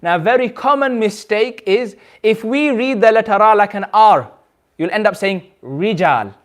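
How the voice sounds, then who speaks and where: A man's voice: sits high, moderate pace. A man with a British accent teaching a recitation class, patiently repeating and demonstrating sounds and often checking that the students understand. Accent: British English. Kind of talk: classroom tajweed lesson.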